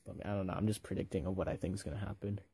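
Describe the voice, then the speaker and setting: A young man rambling enthusiastically through a casual fan review, piling up fillers as he goes. His voice is low, dark and gravelly, with a husky edge. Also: steady tone, racing, dry recording. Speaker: video reviewer.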